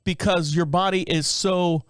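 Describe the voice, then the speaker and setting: Middle-aged male podcast host, slightly high voice, dry close mic, rambling and scatterbrained. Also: steady tone, unhurried, smooth, no room sound. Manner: rambling, full of fillers and restarts, self-described scatterbrained. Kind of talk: casual monologue.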